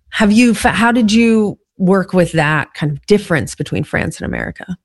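A woman's voice: on the low side, normal speed, few pauses, no room sound, studio quality. A woman hosting an interview, asking thoughtful questions and qualifying her points.

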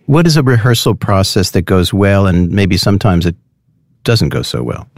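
A man's voice: deep voice, very animated, moderate pace, no room sound, clean studio sound. A man interviewing a guest, asking curious, probing questions.

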